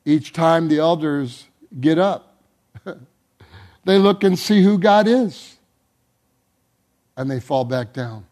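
A man delivers a sermon to his congregation in a fairly high voice, speaking slowly and deliberately. He builds intensity over repeated words, then lets his phrases fall away low and quiet. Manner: drops to a low, soft voice at phrase ends. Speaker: pastor.

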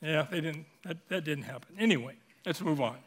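Animated high-voiced man preaching. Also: fairly quick, slightly rough. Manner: animated, asks the congregation rhetorical questions. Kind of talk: sermon.

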